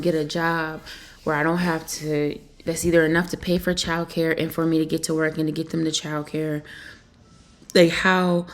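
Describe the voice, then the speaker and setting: A young mother from Pennsylvania speaking in a confessional vlog, emotional and halting, with many fillers. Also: low-pitched. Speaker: vlogger and mother.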